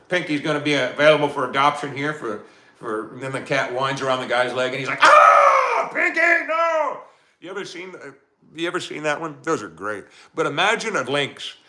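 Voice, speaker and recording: Bright-voiced laughing livestream host man. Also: medium pitch, fairly quick. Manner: laughs often, talks straight to chat. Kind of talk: casual live-stream chat.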